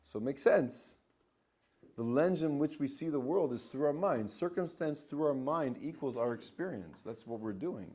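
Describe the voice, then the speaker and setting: Animated man teaching spiritual ideas. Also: mid-range voice, normal speed. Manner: animated, acts out inner voices, repeats phrases. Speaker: spiritual coach. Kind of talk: teaching talk.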